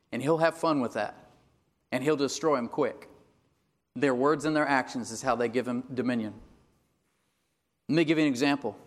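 A man preaching a sermon, building to emphatic bursts and calling out to his congregation for agreement. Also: medium pitch. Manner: emphatic preaching with rising bursts and call-and-response asides. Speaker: pastor.

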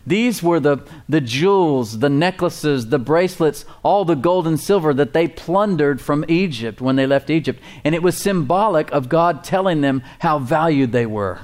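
Animated preaching man. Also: on the high side, measured pace. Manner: animated, emphatic, chuckles at his own points. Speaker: pastor and Bible teacher. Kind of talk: conversational sermon.

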